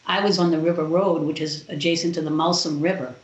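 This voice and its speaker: A woman, a podcast guest, telling a personal story in an animated way and acting out the other people's lines. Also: low-pitched, fast talker. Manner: animated retelling with quoted voices. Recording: roomy, dull lo-fi sound.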